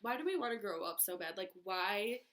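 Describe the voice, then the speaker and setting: A young woman from Michigan, raspy from being sick, chatting casually on her bedroom floor into a laptop. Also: mid-range voice, animated, fairly quick, noisy background. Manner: chatty, many filler "like"s. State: getting over being sick. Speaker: vlogger. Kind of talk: casual chat.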